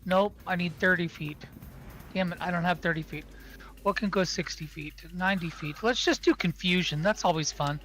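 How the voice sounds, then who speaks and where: A player at a tabletop game, slowly thinking aloud through choices. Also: medium pitch, a bit bright, soft background music.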